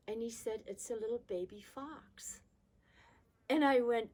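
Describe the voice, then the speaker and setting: A woman's voice: a little high, moderate pace, slightly rough, low-quality recording. An older woman from Germany telling a personal childhood story, acting out the dialogue between herself and her father. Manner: lively, voices her father and her child self in quotes.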